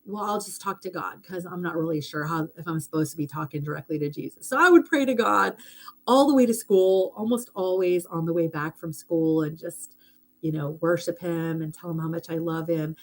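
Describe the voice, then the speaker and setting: A woman's voice: sits low, steady tone, brisk, a little mellow. A middle-aged woman hosting a live stream, chatting casually and heartfeltly, rambling a little and thanking viewers for gifts.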